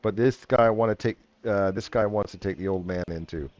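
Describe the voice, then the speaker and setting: A man running a tabletop game as game master, relaxed and chuckling. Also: on the low side, a little fast, dry recording, lo-fi sound.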